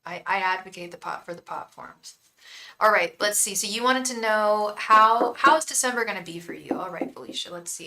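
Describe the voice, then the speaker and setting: A woman tarot reader chats on a live stream, joking and wandering off into asides. Her voice is bright and ringing, and the room is noticeably echoey. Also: mid-range voice, fairly quick. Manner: chatty and joking, rambling asides to viewers. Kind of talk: casual live-stream chat.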